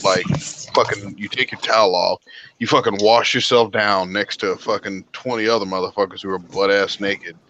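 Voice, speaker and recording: A man's voice: lowish voice, highs cut off, background noise. A man from the United States hosting a livestream, swearing constantly as he tells long stories in casual chat with his friends. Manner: profane, rambling, animated storytelling. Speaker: livestream host. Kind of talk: casual group chat storytelling.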